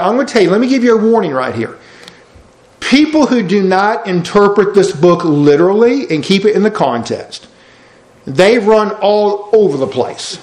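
A man preaching a sermon, folksy and emphatic, with lots of rhetorical questions. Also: high-pitched. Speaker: pastor. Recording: roomy church hall sound.

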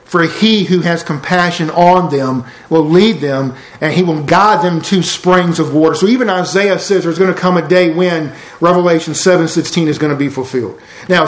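A man preaching a sermon, earnest, rising for emphasis and then dropping low and soft. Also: reverberant, poor audio. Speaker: pastor.

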